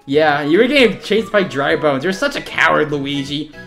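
A woman's voice: low-pitched, normal speed, faint music behind, voice pushed down. A woman voicing Mario, an adult male plumber hero, chatting and teasing in a fan reaction skit. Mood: chatty. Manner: chatty, upbeat, excited.

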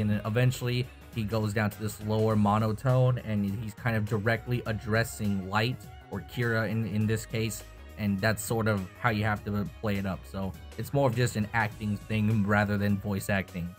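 A young YouTuber with a lowish, level-toned voice talks casually about voice acting at a moderate pace while testing a voice changer. His tutorial chat rambles and includes swearing, with soft background music.

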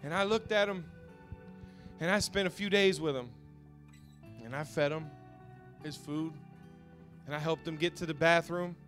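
A pastor giving an emotional personal testimony sermon, moving from hushed storytelling to shouted passion and stumbling over repeated words when moved, with soft music behind. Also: male voice, on the high side, moderate pace, pauses often.

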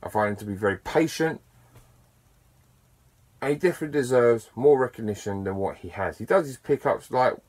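A man talking casually to camera as a YouTuber, chatty and enthusiastic, with bursts of excitement and self-deprecating asides. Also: fairly low pitch. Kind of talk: casual to-camera vlog talk.

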